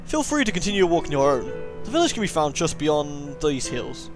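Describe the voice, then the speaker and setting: A man's voice: a little high, big pitch swings, fairly quick, over music. A man putting on a stately Irish lord. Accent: put-on Irish. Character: solemn old Irish lord guiding a visitor.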